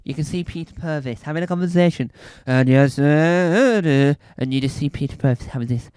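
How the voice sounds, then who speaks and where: A man telling a rambling, animated comedy story as a stand-up comedian. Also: fairly high pitch, a little fast, smooth, no echo. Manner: animated, rambling, acts out bits.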